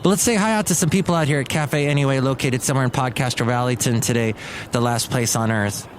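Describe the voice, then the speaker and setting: Rambling, chatty podcast host. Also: male voice, mid-range voice, fast talker, slight background noise. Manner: rambling, chatty, wanders off topic. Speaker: podcast host and radio worker. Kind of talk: rambling solo comedy podcast.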